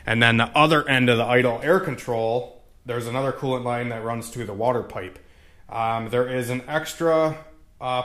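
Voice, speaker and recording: With a medium-pitched, slightly bright voice, a young man explains car work in a loose garage walkthrough for his tuning vlog. His talk is rambling and profane, packed with fillers.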